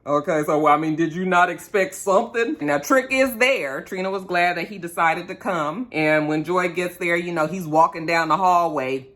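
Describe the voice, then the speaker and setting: A woman recaps a reality episode in a loose, chatty vlog. Her voice is bright and forceful. She is sassy and profane and keeps tossing asides straight to her viewers. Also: on the low side, moderate pace, few pauses.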